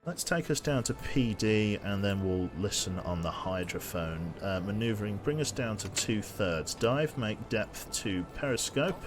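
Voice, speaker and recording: A man's voice: on the low side, animated, a little slow, hardly any pauses, music in the background. A man chatting casually while streaming a game, rambling with lots of fillers and restarts. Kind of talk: casual gaming livestream commentary.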